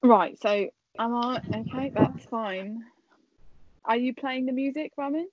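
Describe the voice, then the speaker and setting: A woman's voice: fairly high pitch, measured pace, muffled recording. A woman co-hosting a podcast in casual chat, reluctant and self-deprecating. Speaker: podcast co-host.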